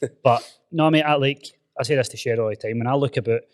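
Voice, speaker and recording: A man's voice: medium pitch, fast. Upbeat Scottish man hosting a podcast. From Scotland. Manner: upbeat, chatty, says "mate" often. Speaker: podcast host. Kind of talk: casual podcast chat. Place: gym.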